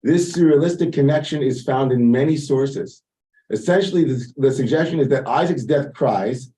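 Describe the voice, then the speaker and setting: A man leads a Torah study lesson, translating the Hebrew phrase by phrase and explaining it in a loose, informal way. His voice is mellow and dark. It is heard from a little distance, away from the mic. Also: mid-range voice. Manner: explains Hebrew text line by line, translating as he goes. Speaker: teacher leading text study.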